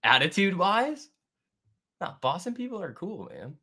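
A man's voice: high voice, sing-song, moderate pace, bright, forceful tone, slightly rough. A man hosting a trading livestream, talking casually and slangily while reading and answering chat.

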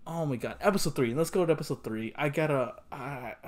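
A man's voice: on the high side, lively intonation, moderate pace, darkish tone. A man reacting to an anime episode in casual commentary, exasperated and swearing, repeating himself and sometimes dropping to a mutter. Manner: drops into muttered whispers. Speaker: anime reaction channel host.

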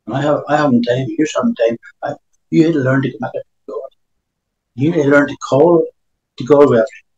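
A man's voice: medium pitch, fast, a little mellow, echoey room, dull audio. A man preaching a sermon, reading scripture aloud between emphatic remarks.

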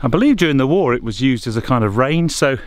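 A man's voice: medium pitch, lively intonation, fast talker, no room sound. A man, out on a countryside walk with his dogs, chatting casually to the camera as he goes. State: out of breath while climbing. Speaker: vlogger. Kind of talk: casual walking vlog. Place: outdoors on a countryside hill walk.

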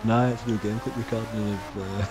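A man chatting excitedly with friends while racing in a game, often tripping over his words. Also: lowish voice, racing, over music. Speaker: gamer. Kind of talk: casual gaming chat with friends. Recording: game engine noise behind. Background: racing car engine sounds.

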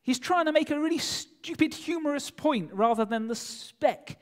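A man preaching a sermon in a church, speaking in an animated way and putting rhetorical questions to his listeners. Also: very high voice, moderate pace. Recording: long church hall reverb.

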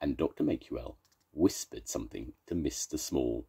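Older man, very deep voice, husky, reading children's story, playful. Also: normal speed, warm tone. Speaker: storytelling grandfather.

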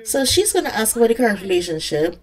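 A young woman giving casual, excitable let's-play commentary, scolding the characters on screen and often laughing. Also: a little high, fast. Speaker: gaming content creator.

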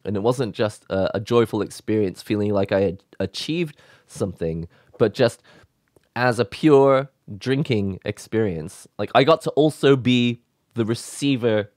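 A man hosting a casual vlog, talking excitedly and emotionally in a rambling way. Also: fairly low pitch, measured pace, no echo, clean studio sound. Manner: excited, rambling, with laughs and sighs. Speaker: YouTube host.

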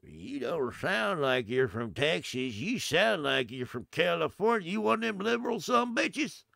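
A man voicing a hostile small-town redneck local in a slow, sneering drawl. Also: fairly high pitch, sing-song, gravelly, bright, forceful tone, dry recording, clean studio sound, full character voice. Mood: scornful.

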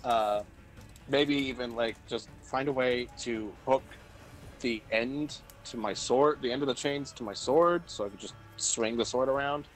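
A young man playing a tabletop game describes his character's moves in a casual, offhand way. He swears freely and thinks out loud. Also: medium pitch, unhurried, soft background music. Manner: profane, offhand. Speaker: player.

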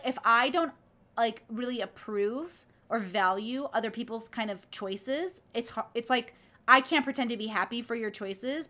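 Excitable, foul-mouthed woman streamer. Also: a little high. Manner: excitable, profane, rambling. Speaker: streamer reacting to video clips. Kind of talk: casual livestream chat.

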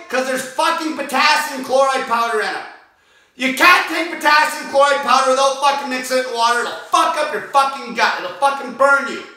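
A man with a high-pitched, piercing voice tears into his audience with nonstop profanity and frequent shouting. He sounds aggressive and relentless. The recording is boomy and echoey, and he stands some distance from the mic. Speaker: diet vlogger. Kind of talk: profane fasting rant.

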